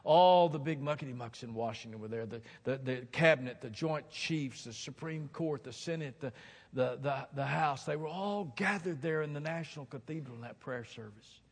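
A man preaching a sermon from a platform, swinging dramatically from hushed tones to shouting and hammering points home with emphatic repetition. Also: a little high, normal speed, slightly rough. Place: large hall, speaking from a platform. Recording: long hall reverb.

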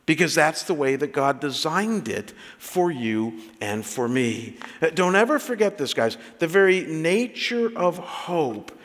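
A man in his fifties preaching a sermon, telling stories in an animated way with many restarts. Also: a little high, measured pace, few pauses, big-room sound. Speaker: pastor.

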